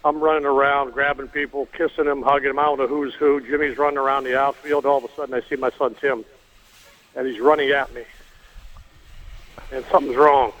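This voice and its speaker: An older man recounts a personal family story in a halting, earnest way, full of fillers and restarts. His voice comes through a narrow, tinny phone line. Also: mid-range voice, little pitch movement, fairly bright tone. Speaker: guest telling a family story.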